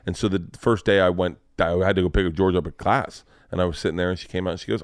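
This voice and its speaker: Lively man telling a story. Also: sits low, rapid-fire, hardly any pauses, clear, resonant tone, dry recording, clean studio sound. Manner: animated, acts out quoted voices, swears freely. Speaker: podcast host. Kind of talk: casual storytelling.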